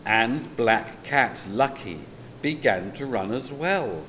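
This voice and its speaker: Male storyteller, very slow, lively read-aloud, faint rumble. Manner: expressive, drawn-out read-aloud delivery. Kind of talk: children's story reading.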